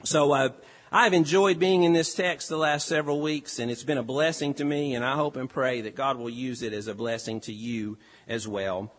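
A pastor delivering a sermon, with an earnest, emphatic delivery that rises and falls. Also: male voice, medium pitch, fairly even intonation, normal speed, a bit bright. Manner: earnest, emphatic preaching with rising and falling delivery.

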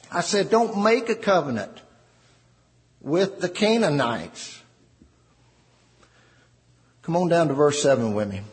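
A man preaching a sermon, slow and emphatic with dramatic pauses, in a church. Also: high-pitched, very animated, in a large hall.

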